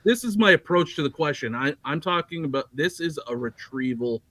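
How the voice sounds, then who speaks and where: A man's voice: fairly high pitch, animated, a little fast, a bit bright, no room sound. A man chatting casually as a guest on a livestream, rambling with many fillers and restarts. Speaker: guest collector.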